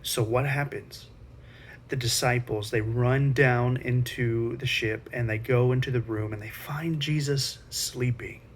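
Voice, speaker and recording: A man's voice: mid-range voice, steady tone, unhurried, a little hiss or hum. A man teaching Sunday school, retelling a Bible story in a casual, conversational way with slangy asides.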